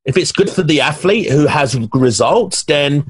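A man's voice: on the high side, normal speed, slightly rough, dry recording. A man from England, a professional bodybuilder, telling stories animatedly in a casual podcast interview. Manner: animated storyteller, many restarts. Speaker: guest, pro bodybuilder.

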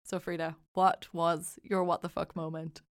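A woman's voice: on the low side, level tone, normal speed, clear, resonant tone, soft background music. A woman co-hosting a podcast, chatting about a film in a rambling, casual way. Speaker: podcast co-host. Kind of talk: casual movie review chat.

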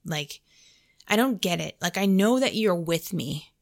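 Woman with a slightly low voice. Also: animated, measured pace, creaky. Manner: storytelling, heavy use of "like", quotes her own prayers aloud. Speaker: podcast host. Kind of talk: casual faith podcast chat.

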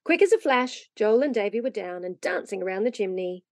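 A woman reading a storybook aloud with lively, expressive narration. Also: medium pitch, brisk, no room sound. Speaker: reader.

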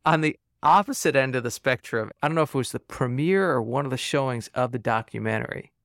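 A man's voice: mid-range voice, quick pace, a bit bright, no room sound, clean studio sound. Attentive male interview host. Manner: attentive, asks questions and reacts with short affirmations. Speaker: podcast host. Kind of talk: casual interview.

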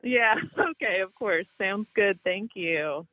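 A woman's voice: medium pitch, expressive, slow, no echo. A woman calling in to a podcast over the phone, bubbly and chatty. Her voice comes through dull and muffled, and completely dry with no room sound. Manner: bubbly, chatty, warm-hearted. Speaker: caller. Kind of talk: casual phone chat.

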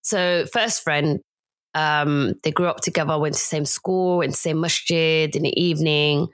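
A woman with a lowish voice co-hosting a relaxed podcast, telling stories in an easygoing, hesitant way. Her voice sits close to the mic in a dry sound. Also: normal speed, no echo. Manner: hesitant, easygoing, many fillers. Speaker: podcast co-host. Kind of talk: casual chat, storytelling.

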